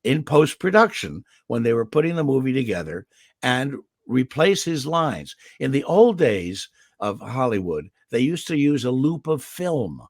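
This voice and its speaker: Older male voice actor, lively storyteller, throat clearing a lot, dry close sound. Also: medium pitch, a little slow, no room sound. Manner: animated anecdotal delivery with restarts. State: throat irritated, clearing it often. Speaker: voice actor guest. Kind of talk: interview storytelling. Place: home in California.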